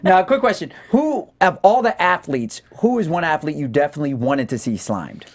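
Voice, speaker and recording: A man's voice: a little high, lively intonation, a little fast. A man hosting a casual sports chat show, playful and teasing with his co-host.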